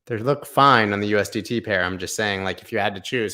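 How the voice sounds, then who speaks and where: A male show host talks through trading charts in a loose livestream ramble, cracking offhand jokes as he goes. His voice sits a little low but comes across bright and pushy, with a punchy edge to every remark. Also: fairly quick, hardly any pauses. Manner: rambling, jokey, thinks aloud. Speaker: crypto market analyst host. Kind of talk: casual livestream chart commentary.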